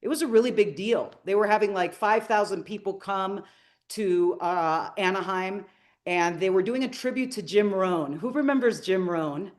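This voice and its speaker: A middle-aged woman speaks to a live audience with earnest, inspirational warmth. She tells a personal story and stops to ask the listeners questions. Her voice sits at an ordinary middle pitch for a woman. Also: normal speed. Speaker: motivational speaker. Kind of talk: live masterclass talk to an audience.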